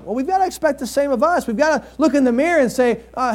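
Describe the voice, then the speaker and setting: A man's voice: extremely high pitch, lively intonation, quick pace, hardly any pauses. A man preaching a sermon in a conversational way, rising into emphatic bursts and reading scripture with drama.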